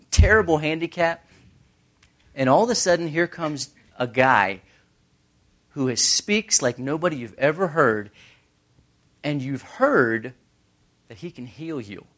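A man preaching a casual sermon who tells stories and briefly acts out the crowds. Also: a little high. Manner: conversational, animated storytelling with quick voices for crowds. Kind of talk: casual sermon with acted-out scenes.

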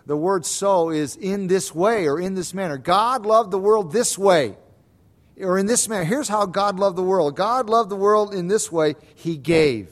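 A pastor preaching a sermon, swinging between soft lines and emphatic, repeated calls. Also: male voice, high voice, measured pace. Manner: repeats words for stress.

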